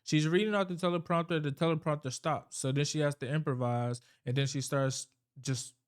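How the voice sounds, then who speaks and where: A man's voice: a little high, steady tone, a little fast, clean tone. Rambling, cussing man recapping a movie. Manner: rambling, profane, loose storytelling.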